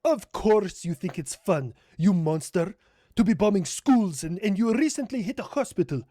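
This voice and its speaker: A man's voice: high voice, animated, normal speed, dark tone, no echo. A man voicing an indignant, aggrieved nation. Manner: indignant, accusing.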